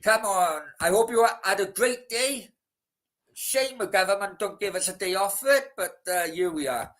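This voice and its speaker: A man's voice: high voice, normal speed, fairly bright tone. A man hosting a casual live stream, rambling, swearing freely and talking straight to his chat. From Wales.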